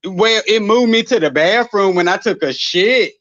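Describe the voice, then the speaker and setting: A man's voice: sits high, normal speed, a bit bright, dry recording. A man from North Carolina calling in to a show, blunt, crude and rambling. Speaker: caller. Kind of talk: phone call-in. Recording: dull lo-fi phone line.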